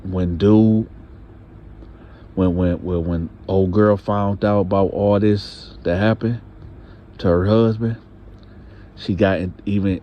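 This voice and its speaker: Low-voiced male storyteller, chatty. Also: fairly even intonation, takes it slowly, pauses often, lo-fi sound, a little hiss or hum. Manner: talkative, repetitive, stammering restarts. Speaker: storyteller host. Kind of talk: casual storytelling.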